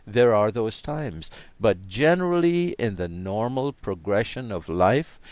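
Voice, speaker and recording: A man in a reflective spiritual chat, talking in a slow, musing way and often dropping his voice to a quiet tone. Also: on the low side, dry recording. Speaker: co-host.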